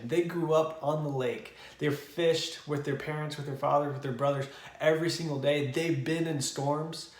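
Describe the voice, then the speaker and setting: A young male youth pastor talks through a Bible story in a relaxed, conversational way, with plenty of easy fillers. His voice sits in a middle pitch and carries a noticeable room echo. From Oklahoma. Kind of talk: casual Bible devotional.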